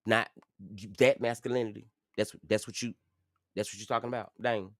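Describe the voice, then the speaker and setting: A man with a low voice runs a live stream, talking straight to his viewers with preachy, animated energy. The sound is dry and close, with no room around it. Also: brisk, no echo. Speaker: livestream host. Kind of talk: livestream commentary.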